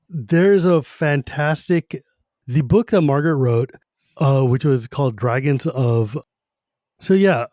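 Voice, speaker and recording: A man's voice: medium pitch, a little mellow, no room sound, clean studio sound. A man co-hosting a podcast in casual fan discussion, enthusiastic and rambling, swearing now and then. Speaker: podcast co-host.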